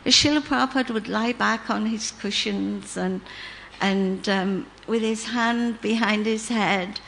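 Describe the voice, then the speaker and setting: An older woman, telling a personal memory in an unhurried, halting way with many pauses and fillers. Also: medium pitch, gravelly, a bit bright, a little hiss or hum. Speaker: storyteller sharing memories. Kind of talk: casual spoken recollection.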